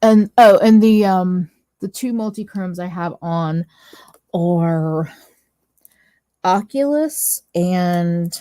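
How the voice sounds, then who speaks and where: A woman's voice: lowish voice, slow, long pauses, mellow, dry recording. Chatty woman rambling about makeup. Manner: chatty, rambling, self-correcting. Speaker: co-host of a beauty livestream. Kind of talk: casual chat about makeup.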